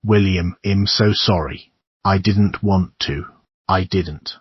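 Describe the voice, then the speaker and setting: Guy doing a scared stubborn young woman pleading, low husky voice, dull audio. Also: slow pace, dry recording, exaggerated voice.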